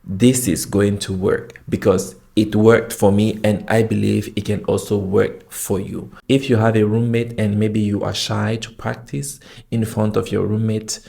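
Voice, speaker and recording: A man with a low, gravelly voice walks through a language lesson at an unhurried pace. He talks slowly and draws out each example sound so learners can follow along. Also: flat delivery, dark tone. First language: not Chinese; learned Chinese as a foreign language. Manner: slow, demonstrative, drawing out tone examples. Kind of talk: instructional video lesson.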